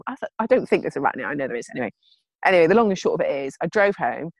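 A woman in casual chat, telling a funny story with lively acted-out quotes. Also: deep voice, racing, no room sound. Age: adult. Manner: animated storytelling, acting out quotes.

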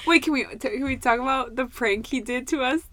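A woman's voice: high-pitched, brisk, fairly bright tone, no room sound. Chatty woman co-hosting a podcast. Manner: chatty, reflective, swears casually. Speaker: podcast co-host. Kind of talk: casual chat.

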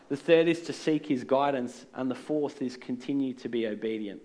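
A man's voice: mid-range voice, moderate pace, a little mellow. A man preaching a sermon in an earnest, conversational way with touches of humor. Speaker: pastor. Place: church.

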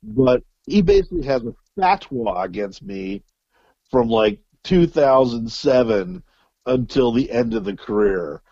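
A man's voice: medium pitch, lively intonation, measured pace, dark tone, no echo, muffled recording. A man telling a long, profane story as an interview guest, full of fillers and restarts. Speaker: guest musician. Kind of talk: casual storytelling.

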